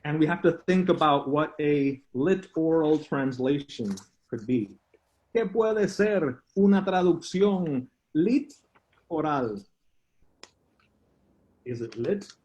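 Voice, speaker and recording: A man with a high-pitched voice improvises a bilingual poem at home and speaks into a phone as he walks around. He goes slowly and pauses often. He translates each line himself right after saying it. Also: lively intonation, a little mellow. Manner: switches back and forth between two languages line by line, self-translating; halting, drawn-out phrasing with pauses and fillers. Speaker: poet. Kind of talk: improvised bilingual poetry reading. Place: at home, walking around the house.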